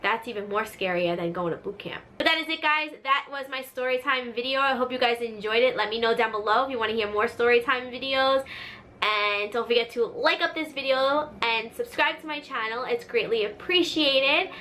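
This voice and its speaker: A woman hosting her own storytime vlog, chatty and animated, full of filler words. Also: a little high, a little fast, a little hiss or hum. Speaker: vlogger, channel host. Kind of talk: casual storytime monologue.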